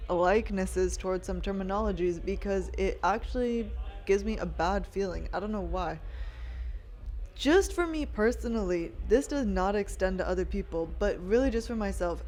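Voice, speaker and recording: On her solo podcast, a woman from Canada talks in a loose, chatty way, interrupting herself and snacking close to the microphone. Her voice is mid-range with a darkish tone.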